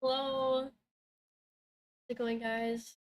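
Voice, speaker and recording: A woman's voice: on the high side, little pitch movement, slow, low-quality recording. A woman, the streamer's sister, chatting casually in a laid-back, giggly way. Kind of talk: casual chat.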